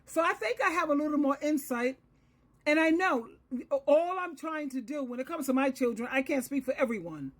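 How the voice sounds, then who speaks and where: High-voiced woman in her sixties lecturing earnestly. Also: lively intonation, normal speed. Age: 60s. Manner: earnest and lecturing, repeats phrases for emphasis. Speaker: advice coach and Christian counselor. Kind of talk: solo advice monologue.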